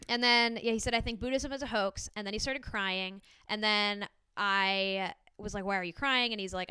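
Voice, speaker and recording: A woman's voice: medium pitch, sharp tone, clean tone, no room sound. A young woman doing a stand-up comedy set before a small live audience, chatty and self-deprecating with frequent ums and laughs.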